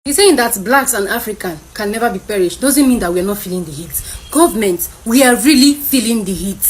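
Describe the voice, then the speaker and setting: A woman's voice: medium pitch, lively intonation, a little fast, husky. A young woman with a Nigerian accent, a student ranting to camera in exasperated rhetorical questions. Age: young adult. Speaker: university student. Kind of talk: selfie rant video.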